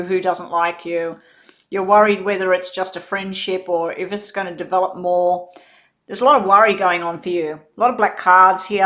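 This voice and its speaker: A woman giving a live-stream tarot reading, talking in a relaxed, rambling way as she eats and sets out cards. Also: medium pitch. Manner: relaxed, rambling, chats while eating. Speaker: tarot reader.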